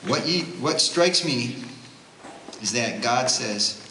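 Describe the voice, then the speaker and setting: A man giving a religious talk to a youth retreat, telling stories in an animated, conversational way. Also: medium pitch, takes it slowly, pauses often. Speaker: retreat speaker, homeless ministry worker. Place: parish hall. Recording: roomy hall with faint noise.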